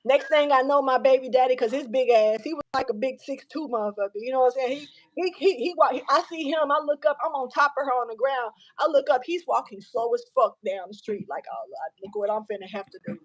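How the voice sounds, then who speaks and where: A woman with a high voice tells a story in loose, profane chat. She acts out the people in it as she goes. The recording is close and dry, with no room sound. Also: a little fast, hardly any pauses, no room sound, low-quality recording. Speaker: host.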